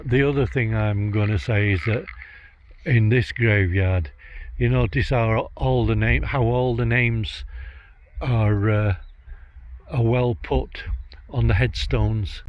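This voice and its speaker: A man working as a psychic medium, narrating a vlog outdoors in a graveyard, talking in a halting, hesitant way as he searches for words. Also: mid-range voice, slight background noise. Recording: dull lo-fi outdoor recording.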